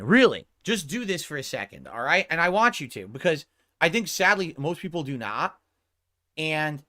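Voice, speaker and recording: A man's voice: fairly high pitch, pushed and bright. A male streamer on a heated, profane rant who keeps checking his point with 'right?'. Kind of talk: angry livestream rant.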